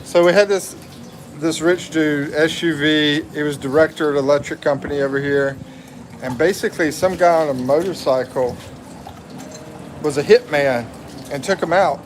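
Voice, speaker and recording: A man's voice: fairly high pitch, noisy background. A man in his fifties from the USA, hosting a casual livestream, reading viewer comments aloud and laughing often. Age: 50s. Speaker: livestream host.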